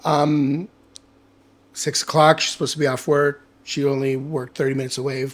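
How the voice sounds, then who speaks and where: A man guest on a podcast, telling a personal story in casual chat, candid and animated, swearing freely and acting out the dialogue he quotes. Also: medium pitch, moderate pace.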